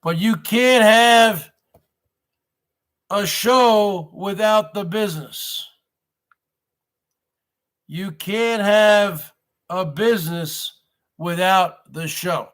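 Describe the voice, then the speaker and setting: A man's voice: high voice, extremely slow, pauses often, a bit bright. A man hosting his own live stream, rambling to viewers as "folks" with repeated rhetorical questions. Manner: addresses audience as folks. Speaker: livestream host.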